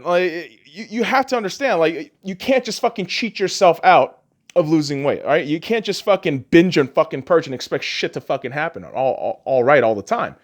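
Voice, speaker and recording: Brief: crude, heated podcast host, lively, swooping delivery. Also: male voice, high-pitched. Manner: crude, heated, heavy swearing. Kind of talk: profane podcast rant.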